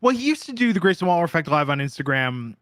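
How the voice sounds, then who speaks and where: A man's voice: on the high side, big pitch swings, fast talker, a bit bright, no room sound. A man co-hosting a wrestling podcast in casual chat, dry and wry, with hesitant fillers. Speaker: podcast co-host.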